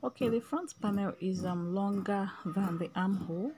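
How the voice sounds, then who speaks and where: A woman's voice: medium pitch, moderate pace, noisy background. A woman giving a casual step-by-step sewing tutorial, chatty and often checking in with "okay?", her voice breaking into a whisper at times.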